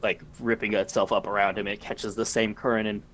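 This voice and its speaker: A man narrating a tabletop game as game master, calmly describing the action and explaining the rules over voice chat. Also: lowish voice, brisk, a little hiss or hum.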